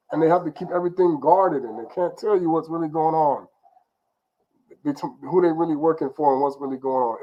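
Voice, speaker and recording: A man's voice: on the high side, mellow, dull audio. A man giving an informal religious teaching in an emphatic, repetitive, conversational way. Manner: emphatic, repetitive, conversational, often restarts phrases. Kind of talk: informal preaching monologue.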